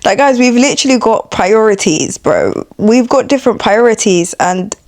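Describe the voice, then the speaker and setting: A young woman from East London with an East London accent, ranting casually to her viewers in a tired, laid-back but blunt and sweary way, now and then mimicking others in a high mocking voice. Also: sing-song, moderate pace, darkish tone. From East London, England. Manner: blunt, sweary and confrontational, addressing viewers directly. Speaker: content creator. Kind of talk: casual vlog rant.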